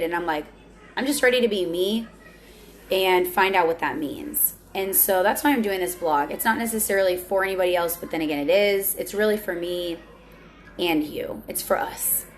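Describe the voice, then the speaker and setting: A woman's voice: medium pitch, a little hiss or hum. A young woman talking candidly on her vlog, earnest and confessional, often restarting her sentences. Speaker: vlogger. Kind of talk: candid personal vlog talk.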